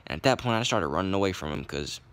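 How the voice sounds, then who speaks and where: A young man tells a long story in a rambling, easygoing voice. His voice is very low and deep, and he swears casually as he talks. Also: expressive, fast, fairly bright tone, clean tone. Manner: profane, rambling, laid-back. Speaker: vlogger.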